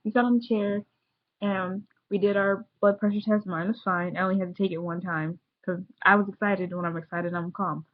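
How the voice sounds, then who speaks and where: A young woman tells a long story straight to camera in a casual, bubbly and rambling way. She talks at a middling pitch and keeps slipping into the voices of the people she quotes. The sound is a little dull and lo-fi. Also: steady tone, brisk. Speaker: vlogger.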